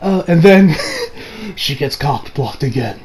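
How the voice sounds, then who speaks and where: A man's voice: on the high side, animated, slow, vocal fry, a crowd in the background. A man casually recapping an anime episode, rambling with laughs and joking asides. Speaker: anime reviewer.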